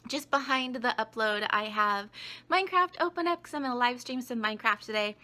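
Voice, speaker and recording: A young vlogger and streamer with a cold chats casually at home, moving between her kitchen and computer desk, bubbly and giggly throughout. Her voice is on the high side, animated, fairly quick, bright and forceful.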